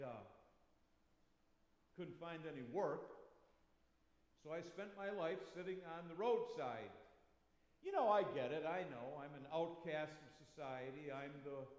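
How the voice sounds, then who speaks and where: A man preaching a first-person dramatic monologue, telling the story with long pauses and sudden shifts between soft and loud. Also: on the high side. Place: church sanctuary. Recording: echoey church with long reverb.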